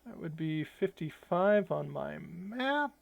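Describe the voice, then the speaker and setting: A man's voice: on the high side, animated, slow, creaky. A man casually commenting while he plays a role-playing game, musing and reading his dialogue choices aloud. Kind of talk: casual let's-play commentary. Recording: noisy hiss behind voice.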